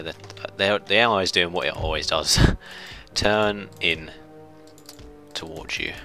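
A man giving chatty, self-mocking let's play commentary, shouting orders at his ships when excited. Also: deep voice. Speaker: gameplay commentator.

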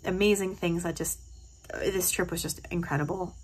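A woman's voice: lowish voice, steady tone, normal speed, husky, poor audio. A woman from New Jersey talking casually into her phone for a vlog, telling stories in a gushing, emotional way. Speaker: vlogger. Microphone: phone held close.

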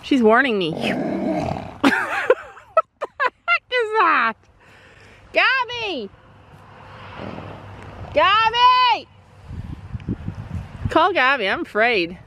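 Woman, higher voice, very animated; vlog host talking to her horse outside. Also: slow pace, gravelly, pauses often, very noisy. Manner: coaxing, talks to her horse. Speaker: vlogger and horse owner. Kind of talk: casual vlog talk while handling a horse. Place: outdoors in a horse paddock.

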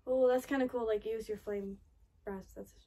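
A high-voiced woman reacts to an anime episode as she watches it, excitable and fretful, swinging between gasps, swearing and cheering. She sits a little back from the mic, so her voice sounds slightly distant. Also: normal speed. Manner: excitable, gasps and frets aloud, swears often. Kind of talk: live anime reaction commentary.

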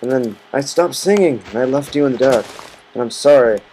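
Recorded through a computer's built-in mic instead of a headset, with fan hum in the background, this poor-quality clip features a man narrating his Minecraft game. His pitch is very lively, he talks a little fast, and he rambles goofily to himself.

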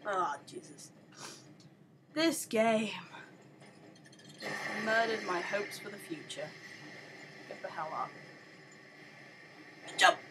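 A woman's voice: medium pitch, animated, slow, pauses often, background noise. A woman doing let's play commentary, sarcastic and exasperated, egging on her game character. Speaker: gaming channel host.

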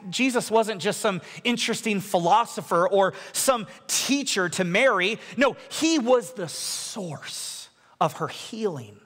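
Man preaching, high voice, animated storytelling, long hall reverb. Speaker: pastor. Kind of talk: sermon. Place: large church worship center.

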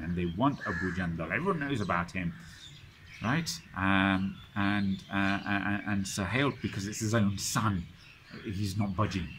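A British man teaching a study circle, retelling history in a casual, animated way and acting out the quoted dialogue. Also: fairly low pitch, slight background noise. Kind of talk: casual lecture storytelling.

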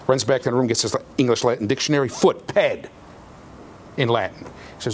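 A man giving a university lecture in an animated, jokey way, with sudden loud outbursts. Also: mid-range voice, brisk, a little hiss or hum. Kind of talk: classroom lecture. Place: lecture hall.

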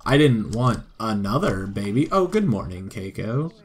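A man's voice: lowish voice, big pitch swings, moderate pace, breathy edge. A young man commentating a life-sim game, playful and sarcastic, talking to the characters on screen. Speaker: gameplay commentator. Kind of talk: let's play commentary.

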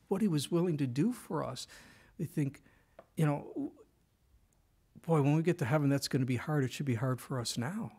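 A middle-aged man preaching a sermon in a casual, conversational way, telling the story with lively emphasis and dropping to a whisper for quoted words. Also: on the high side, normal speed, husky. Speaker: pastor.

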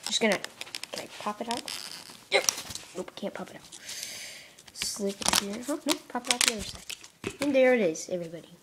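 A woman's voice: a little high, animated, brisk, pauses often, background noise. A young woman casually narrating an unboxing, rambling and self-mocking, often dropping into mutters and whispers. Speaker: product unboxing vlogger.

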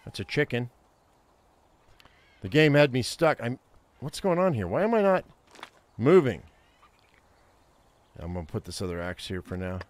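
Man, gameplay commentary, muttering to himself, quick to get annoyed, swears, mid-pitched voice. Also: big pitch swings. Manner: talks to himself, easily frustrated, swears. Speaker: gaming channel host.

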